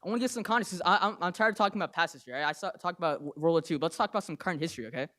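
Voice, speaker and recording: With a fairly high pitch and a sharp tone, a young man from New Jersey speaks fervently at a council meeting's public comment. His delivery is quick and emphatic, phrases ending in "okay?" and "right?"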